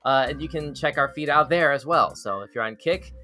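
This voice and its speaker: Bright-voiced excitable live show host. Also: male voice, medium pitch, brisk, soft background music. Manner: excitable, laughing, stumbling restarts. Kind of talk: live news reaction chat.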